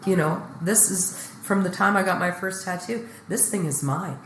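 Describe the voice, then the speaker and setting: A woman's voice: on the low side, moderate pace, slight background noise. Blunt, joking woman in an echoey room. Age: middle-aged. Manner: blunt, joking, animated retelling. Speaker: guest comedian. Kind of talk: candid storytelling chat.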